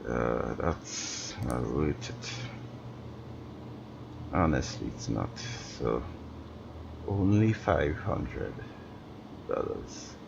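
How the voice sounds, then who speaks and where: Tired male streamer, very deep gravelly voice, slow mumbly game commentary, dull lo-fi audio with clear background noise. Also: lively intonation. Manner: slow, mumbling, talks to himself. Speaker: gaming streamer. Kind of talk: casual gameplay commentary.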